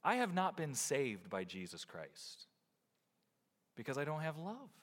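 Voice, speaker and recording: A man preaching a sermon as pastor, swinging from loud emphasis down to quiet, close remarks. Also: fairly high pitch, measured pace, big-room sound. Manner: expressive preaching, rising and dropping to near quiet.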